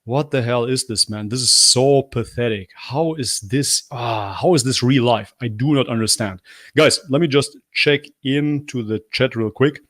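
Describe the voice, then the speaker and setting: A man's voice: moderate pace, a bit bright, dry recording, studio quality. A man hosting a livestream and reacting to a video, blunt and mocking, his voice getting worn. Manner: mocks with high, whiny put-on apologies. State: losing his voice. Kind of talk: live reaction commentary.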